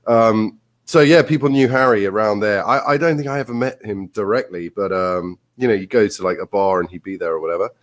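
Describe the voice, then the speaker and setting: A man's voice: lowish voice, brisk. Blunt, posh-accented English man on a call. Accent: English upper-class. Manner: blunt and opinionated. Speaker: guest. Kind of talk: casual chat.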